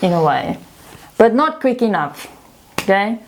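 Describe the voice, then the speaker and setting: A woman's voice: mid-range voice, unhurried, a little hiss or hum. Young woman venting about a bad job. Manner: animated, frustrated retelling of a bad job. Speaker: vlogger. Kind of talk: casual storytelling.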